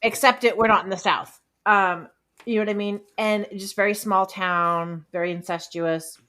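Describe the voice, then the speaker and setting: A woman's voice: mid-range voice, fairly even intonation, normal speed, bright, forceful tone. A woman talking casually on a comedy podcast about an old film, candid and amused. She swears freely and laughs along, with an ordinary mid-range voice. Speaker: podcast co-host. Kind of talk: casual comedic movie review chat.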